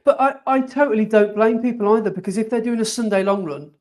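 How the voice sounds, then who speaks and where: A man's voice: high voice, fast, darkish tone. A man co-hosting a running podcast, chatting casually and animatedly and laughing often. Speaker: podcast co-host. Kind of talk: casual chat.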